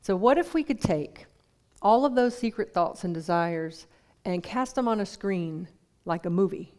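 A woman's voice: medium pitch, warm tone. A woman preaching a sermon in a conversational way, putting questions to the congregation.

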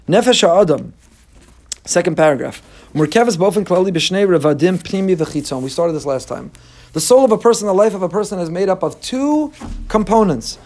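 A man teaching a Torah lesson, earnest and repetitive, swinging between emphatic lists and quiet asides. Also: high voice. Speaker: rabbi teaching a class.

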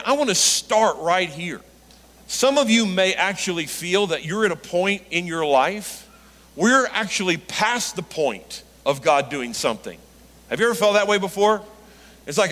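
Animated pastor preaching in a reverberant hall. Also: male voice, moderate pace. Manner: animated, rising into emphatic high pitch on quoted lines. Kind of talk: sermon.

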